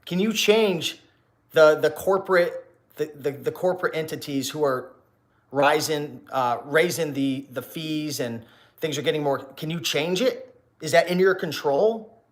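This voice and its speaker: A man's voice: on the high side, a little slow. A man hosting a casual livestream, talking to viewers in a preachy way, firing rhetorical questions and restarting his words. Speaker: reseller YouTuber hosting a livestream.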